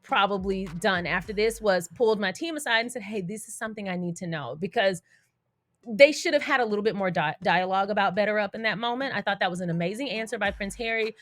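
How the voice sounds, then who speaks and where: A young adult woman hosts a casual YouTube commentary vlog, chatting away with slangy asides and frequent laughter. Her mid-range voice is fast and a bit bright, with no room sound.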